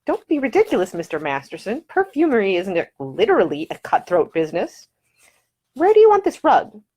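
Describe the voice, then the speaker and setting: A woman voicing a poised young woman perfumer who turns crisp and indignant when pushed. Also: medium pitch, wildly swooping pitch, brisk, darkish tone, voice pushed up.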